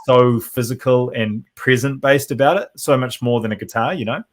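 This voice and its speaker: A man's voice: mid-range voice, moderate pace, slight background noise. Rambling man, drummer guest. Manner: rambling, many fillers and restarts. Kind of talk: casual interview chat.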